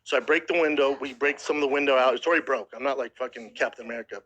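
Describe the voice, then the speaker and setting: With the highs cut off, this clip features a man in his thirties hosting a podcast, his mid-range voice rapid-fire. He animatedly retells a harrowing story in casual, profane talk, acting out quotes and at times nearly crying.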